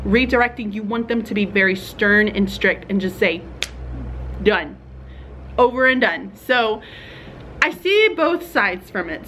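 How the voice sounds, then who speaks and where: A young woman teacher, chatting casually to other teachers in a vlog and thinking out loud with fillers and small laughs. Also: on the high side, slight background noise.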